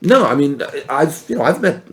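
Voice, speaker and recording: A man chatting as a podcast guest, telling animated stories and acting out what other people said. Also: a little high, normal speed. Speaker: podcast guest, former reality show contestant. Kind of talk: casual storytelling chat.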